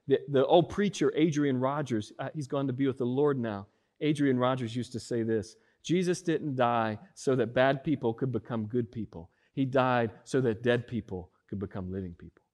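A man preaching a sermon as pastor, with emphatic rises and drawn-out stressed words. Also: mid-range voice, darkish tone.

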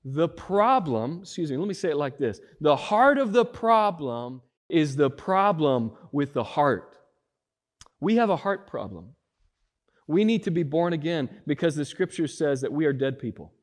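Male pastor, fairly high voice, emphatic sermon delivery that stretches key words. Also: very animated. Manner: preaching with emphatic rises and drawn-out stresses.

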